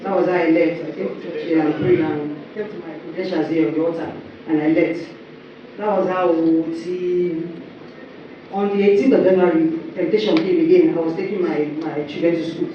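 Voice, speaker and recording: A young Nigerian woman with a Nigerian English accent gives her testimony as a church member, speaking at normal speed, acting out quotes and rising high when excited. Recorded in a church hall, it sounds echoey, distant and muffled, with background noise.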